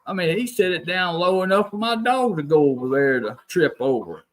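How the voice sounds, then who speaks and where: A plainspoken man from Alabama, USA, with a Southern American accent, guests on a radio talk show for a casual interview, speaking as a property owner who records sounds. His high voice is expressive and brisk, and he repeats himself for emphasis.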